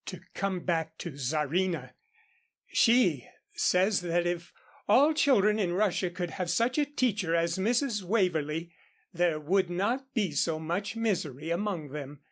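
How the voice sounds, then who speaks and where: A man reading a classic novel aloud as an audiobook in a steady, even narration. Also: high-pitched, a little slow. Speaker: audiobook reader. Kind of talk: scripted narration.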